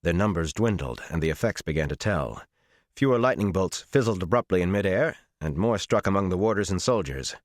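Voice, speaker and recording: A man narrating a fantasy audiobook in a measured, dramatic storytelling manner. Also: sits low, expressive, dry recording, studio quality.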